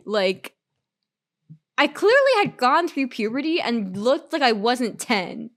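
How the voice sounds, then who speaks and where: A woman's voice: a little high, very animated, slow pace. A young adult woman streamer telling a story in casual chat, rambling with lots of "like" and restarts.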